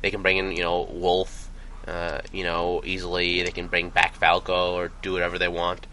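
Deep-voiced man in casual chat. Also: completely flat delivery, normal speed, pushed and bright, a little hiss or hum. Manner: rambling, with frequent restarts and fillers. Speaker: podcast co-host.

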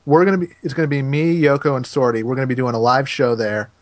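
A man co-hosting a casual gaming podcast with a wry sense of humor and a brisk way of announcing plans, speaking. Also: mid-range voice, steady tone, no echo. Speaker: podcast co-host.

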